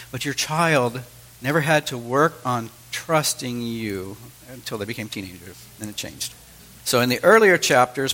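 A man's voice: mid-range voice, a bit bright, low-quality recording. A middle-aged man preaching a sermon as pastor, teaching in a conversational way with asides to the congregation.

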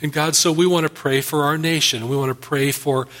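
A man's voice: fairly high pitch, fairly even intonation, a little fast, a bit bright. A male pastor preaching a Bible-study sermon and leading an earnest closing prayer.

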